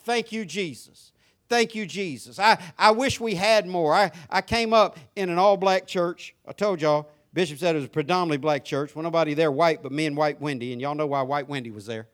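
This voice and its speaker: A male pastor preaching a sermon in church, swinging from soft asides to shouted praise. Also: on the high side, steady tone, brisk, few pauses. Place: church sanctuary.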